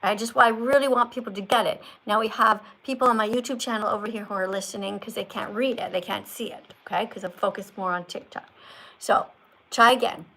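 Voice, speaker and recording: A woman's voice: medium pitch, steady tone, a little fast, bright, forceful tone, rough recording. An older woman hosting a live stream, talking like a strict teacher who corrects and lectures. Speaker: livestream host.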